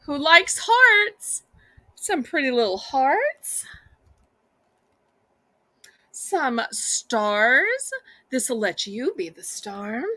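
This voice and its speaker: A woman's voice: high-pitched, big pitch swings, very slow, long pauses, pushed and bright, no room sound. A woman with a Southern US accent hosting a live home-shopping auction, chatty and sweet, calling the viewers y'all.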